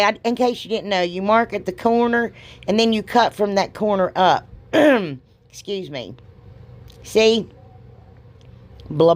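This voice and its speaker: Chatty woman crafting. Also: fairly low pitch. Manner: chatty, rambling, self-deprecating, folksy exclamations. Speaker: craft video host. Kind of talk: casual crafting voice-over.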